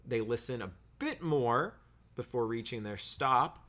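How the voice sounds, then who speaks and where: A man's voice: medium pitch, lively intonation, a little slow, a bit bright. A man giving a casual film review, blunt and critical, with frequent "um" fillers and the odd swear word.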